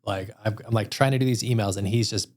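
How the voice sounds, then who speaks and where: A man from Utah hosting a podcast, telling stories in a casual, animated way. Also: fairly low pitch, fast talker. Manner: animated storyteller. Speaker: podcast host. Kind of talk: casual interview chat. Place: podcast studio room.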